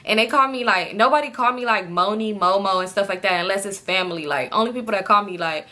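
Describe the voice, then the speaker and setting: A young woman telling a personal story in casual chat, animated, acting out what people said and laughing often. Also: fast. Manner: animated, acts out quotes with pitch jumps, laughs often. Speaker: storytime vlogger.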